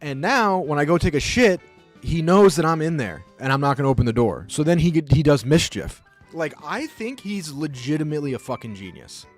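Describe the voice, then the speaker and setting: Profane, rambling streamer man. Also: medium pitch. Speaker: live streamer. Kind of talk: casual storytelling chat.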